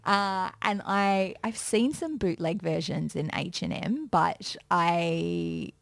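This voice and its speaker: A woman's voice: lowish voice, takes it slowly, vocal fry, no echo. A woman, a music and pop culture presenter chatting as a guest in an interview, telling stories and acting out quotes. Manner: chatty storyteller, acts out quotes with lively voices. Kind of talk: casual interview chat.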